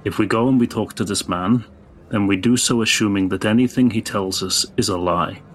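A man playing a tabletop game, speaking calmly and bluntly in and out of character. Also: fairly low pitch, a little hiss or hum. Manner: calm, deliberate and blunt in character. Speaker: player. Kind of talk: tabletop role-play, in and out of character.

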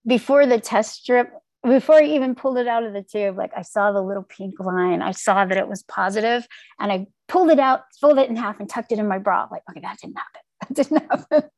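A woman's voice: medium pitch, steady tone, brisk, a little mellow, no echo. A woman telling a candid, wry personal recovery story, acting out her own inner voices. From Texas. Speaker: speaker sharing a recovery story. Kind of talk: personal testimony talk.

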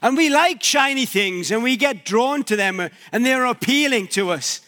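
Male pastor, high voice, chatty sermon in a church. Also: animated, normal speed, pushed and bright. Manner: conversational, uses props and everyday examples.

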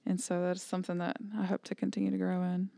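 A woman co-hosting a faith podcast, reflective and measured. Her voice is smooth and resonant, a bit low, with an even, flat delivery. It is recorded close and dry. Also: dry recording. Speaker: podcast co-host. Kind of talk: casual faith discussion.

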